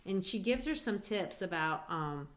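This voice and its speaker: Co-host from Brazil, chatty animated storyteller, woman with a lower-pitched voice. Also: a little slow. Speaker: podcast co-host. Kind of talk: casual literature discussion.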